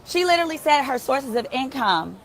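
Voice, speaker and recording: A woman's voice: sits high, very animated, fairly quick, slight background noise. A woman giving casual live commentary from outside a trial, indignant, emphatic and profane.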